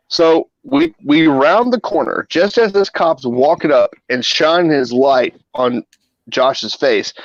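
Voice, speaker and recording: A mid-range male voice comes through lo-fi sound with no echo. As a guest on a live stream, he casually tells a wild anecdote in a profane, animated way, swearing constantly.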